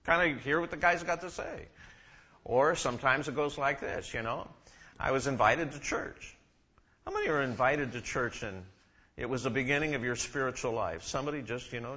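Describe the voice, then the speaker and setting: A man preaching a sermon to a congregation, often asking them questions and shifting between loud emphasis and quiet asides. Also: mid-range voice, highs cut off. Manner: asks the congregation questions, rises and drops in volume.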